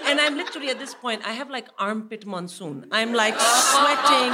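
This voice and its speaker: A woman in her forties, a comedian guest, telling an animated comic anecdote with laughter in her voice on a live podcast. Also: a little high, moderate pace, hardly any pauses, over a noisy crowd, very noisy.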